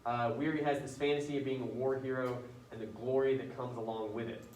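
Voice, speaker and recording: A man teaching a writing class in a loose, chatty way, talking himself through cuts to a paper. His voice sits at an ordinary pitch and carries the echo of a classroom. He is heard from some way off the mic. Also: fairly even intonation, a little fast, darkish tone, a little hiss or hum. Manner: casual, chatty, thinking aloud while editing. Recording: roomy classroom picked up from a distance.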